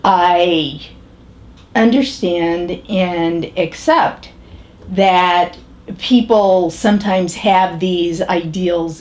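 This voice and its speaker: An actress performing a monologue as a pragmatic, matter-of-fact middle-aged woman, speaking in a measured, halting way with pauses and restarts. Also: on the low side, a little mellow. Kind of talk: character monologue.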